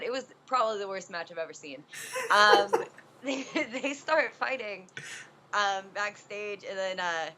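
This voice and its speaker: A woman wrestler tells a story as an interview guest. She talks in a bright, sharp voice, animated and loose with plenty of fillers. The recording is dull and lo-fi. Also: mid-range voice, a little slow, a little hiss or hum.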